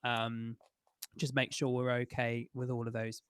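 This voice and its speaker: A man's voice: mid-range voice, completely flat delivery, unhurried, clear, resonant tone, no room sound, studio quality. A man with an English accent leading a choir rehearsal over a video call, giving chatty, instructive tips with plenty of fillers. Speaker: choir music director.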